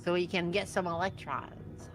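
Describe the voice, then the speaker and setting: A woman's voice: fairly low pitch, very animated, moderate pace, music in the background. A woman co-streaming a game, casually chatting and mock-scolding the chat with playful swearing. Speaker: co-op streaming guest.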